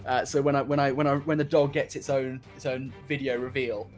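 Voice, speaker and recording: A man's voice: mid-range voice, level tone, fairly quick, over music. Chatty, laughing man co-hosting a stream. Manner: chatty, laughs often, stammering restarts. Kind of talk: casual livestream chat.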